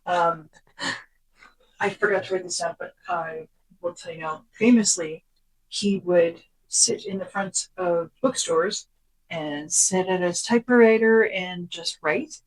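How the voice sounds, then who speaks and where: A podcast co-host chatting casually and summarizing from notes, animated, sometimes dropping into a whisper for quoted lines. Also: medium pitch, takes it slowly, rough recording.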